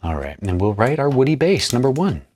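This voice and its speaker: A man's voice: medium pitch, sing-song, fast, a little mellow, slight background noise. A man explaining perfume materials as he mixes them, chatting casually and thinking aloud while he works. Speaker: perfumer demonstrating a blend. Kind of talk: casual hands-on tutorial narration.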